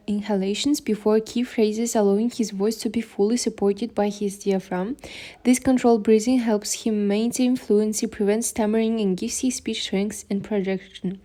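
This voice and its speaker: Woman reading her class presentation, mellow tone, slow with a few restarts. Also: mid-range voice. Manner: reads slowly from notes, occasional restarts. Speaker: student presenter.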